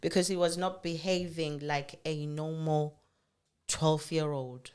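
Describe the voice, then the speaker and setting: A woman's voice: sits low, slow pace. A middle-aged woman from Africa, chatting casually and telling family stories with frequent laughs and restarts. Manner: animated storyteller, laughs often, many restarts. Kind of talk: casual chat.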